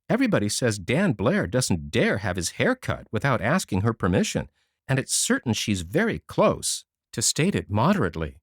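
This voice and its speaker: A man's voice: medium pitch, no echo, clean studio sound. A man reading a storybook voices a frank, chatty teenage girl with a wry way of talking.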